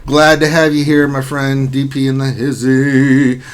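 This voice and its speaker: A man's voice: mid-range voice, level tone, a little slow, clear, resonant tone. A man hosting a casual gaming livestream, reading viewers' names aloud in an upbeat, jokey way. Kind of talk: casual live-stream chat.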